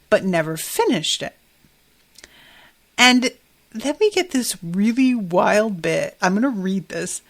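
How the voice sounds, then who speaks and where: A woman's voice: medium pitch, fairly bright tone. A woman hosting a podcast, recapping a TV episode in a chatty, profane way and laughing often. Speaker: podcast host.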